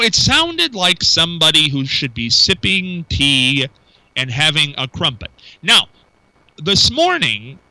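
A man's voice: on the high side, sharp tone, dry recording, rough recording. A man hosting a call-in radio show, chatty and rambling with fillers. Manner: chatty, rambling with fillers, repeats phone number. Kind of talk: casual call-in radio talk.

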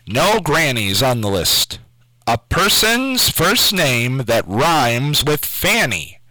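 A man's voice: on the high side, bright, forceful tone, dry recording, low-quality recording. A man hosting a call-in radio quiz show from a station studio, taking callers and spelling out names letter by letter.

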